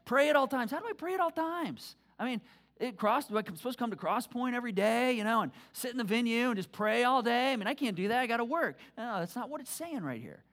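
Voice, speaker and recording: A middle-aged woman pastor giving a conversational sermon, telling stories animatedly and acting out her own thoughts, often repeating words and restarting. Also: quick pace. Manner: animated storytelling, acts out own thoughts with big pitch swings; frequent word repeats and restarts.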